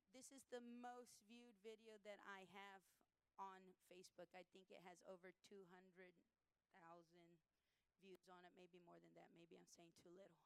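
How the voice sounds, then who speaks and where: A woman preacher giving a sermon testimony, telling stories in an animated way and acting out what people said. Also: medium pitch, vocal fry, poor audio. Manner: animated storytelling, acting out quotes.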